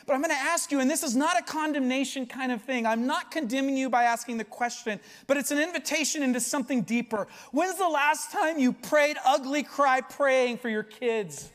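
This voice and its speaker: Male pastor, very high voice, passionate preaching, loud to hushed, long hall reverb. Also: a little fast, hardly any pauses. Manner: impassioned, swings from loud to hushed. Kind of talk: sermon. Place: church sanctuary.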